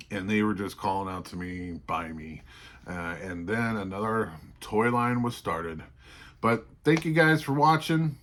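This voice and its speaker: A Texan man in his forties with a lowish voice, talking casually as a toy-collecting vlogger. He rambles, breaks off mid-thought and leans on fillers as he goes. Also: a bit bright. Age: 40s. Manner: rambling, many fillers and restarts. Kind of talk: casual chat to camera.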